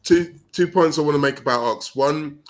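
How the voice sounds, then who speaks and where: A man on a football podcast panel, talking through transfer news in a measured, analytical way. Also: on the high side. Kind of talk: casual football chat.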